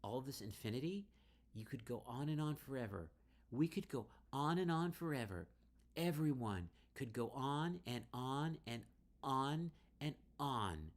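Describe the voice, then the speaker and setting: A man's voice: lowish voice, lively intonation, fairly quick, vocal fry, voice pushed up. A man putting on a giddy, tipsy teenage girl. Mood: mocking menacing.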